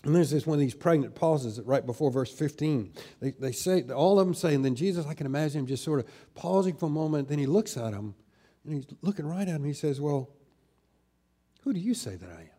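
A middle-aged man preaching a sermon as pastor, slowing down and growing louder when he stresses scripture. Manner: slows down and rises in pitch and volume when stressing scripture.

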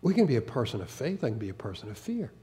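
A male pastor, raised in the American South and with a faded Southern accent, preaching a sermon in an earnest, halting way full of restarts and repeated words. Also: mid-range voice, wildly swooping pitch, warm tone. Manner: earnest, with occasional laughter.

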